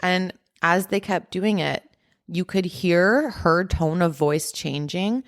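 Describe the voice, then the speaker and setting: Here a female podcast host with a lowish voice speaks slowly. She chats her way through a personal story, using plenty of "like" and "um."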